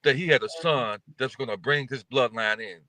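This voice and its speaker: A man's voice: mid-range voice, moderate pace, sharp tone, no room sound. A man in his fifties telling stories in a casual chat, acting out the people in them. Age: 50s.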